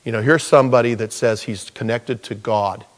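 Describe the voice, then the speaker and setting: Guy preaching a sermon, chatty and rambly, lots of restarts, middle pitch. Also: moderate pace. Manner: conversational, rambling with restarts and asides. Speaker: pastor.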